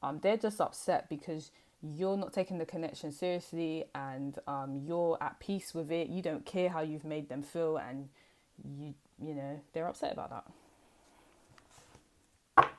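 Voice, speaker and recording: A woman's voice: low-pitched, steady tone, a little slow, a bit bright. A young woman giving a tarot reading in a chatty, slangy, rambling way. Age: young adult. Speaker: tarot reader. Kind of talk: casual tarot reading to camera.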